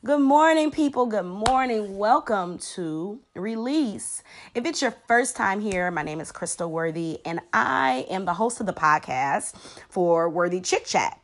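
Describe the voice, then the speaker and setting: A woman's voice: medium pitch, expressive, a little slow, a little hiss or hum. A woman hosting a Sunday devotional podcast, talking casually and earnestly with frequent ums. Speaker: podcast host.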